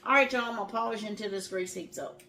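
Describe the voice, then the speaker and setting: A fast-talking middle-aged woman with a medium-pitched voice runs a home cooking show from her kitchen, with noise in the background. Her casual vlog chat is folksy and talkative, full of easy laughter and plenty of y'all for her viewers.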